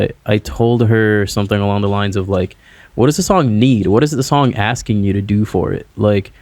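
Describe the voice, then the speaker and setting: Guy musician on a podcast call, kinda low voice, says like a ton, dry no room sound. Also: darkish tone, no room sound. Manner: rambling, heavy on "like" and "you know". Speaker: musician guest. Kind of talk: casual podcast chat. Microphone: remote call.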